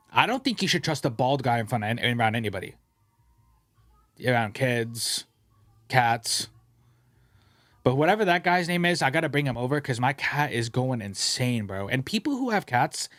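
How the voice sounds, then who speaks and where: A man hosting a podcast in a studio, rambling through stories in a casual, profane, animated way. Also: medium pitch, normal speed, pauses often, no room sound. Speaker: podcast host.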